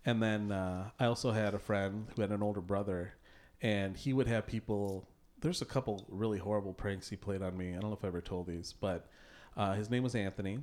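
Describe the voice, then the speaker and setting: A man co-hosting a casual improv podcast talks in a fairly low voice. He tells childhood stories in a dry, deadpan way and breaks into laughs. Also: a little fast. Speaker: podcast co-host. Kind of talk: casual chat.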